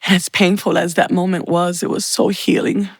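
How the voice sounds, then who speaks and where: A woman's voice: on the low side, little pitch movement, moderate pace, gravelly, slightly rough, dry recording. A woman telling her personal faith testimony in an earnest, heartfelt way. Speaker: testimony speaker.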